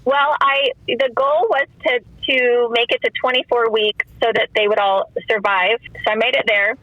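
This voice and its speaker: A woman's voice: fairly high pitch, steady tone, normal speed, dry recording, dull audio. A middle-aged woman telling her personal story as a podcast guest, emotional and often acting out what others said. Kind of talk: personal testimony in a podcast interview.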